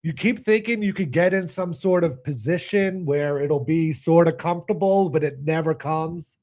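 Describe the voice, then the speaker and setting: A man's voice: a little high, normal speed, a little mellow. A man co-hosting a podcast, listening easily and answering with short reactions in casual chat. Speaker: podcast co-host.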